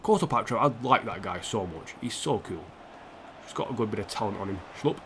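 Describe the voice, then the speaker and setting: A man's voice: lowish voice, lively intonation, brisk, background noise. A man streaming a football video game, commenting casually on the match while chatting to viewers and poking fun at himself. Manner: chatty, self-mocking, reacts to the match and answers chat. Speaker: streamer playing a football career mode.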